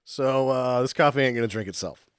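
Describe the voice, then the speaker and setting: A man's voice: mid-range voice, brisk, clear, resonant tone, no room sound, clean studio sound. A man co-hosting a casual comedy movie podcast, making wry jokes and laughing along. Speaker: podcast co-host.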